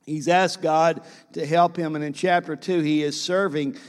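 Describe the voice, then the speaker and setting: A man's voice: fairly high pitch, fairly even intonation, moderate pace, long reverb tail. A man preaching a sermon as pastor, speaking to the congregation with repeated phrases and questions.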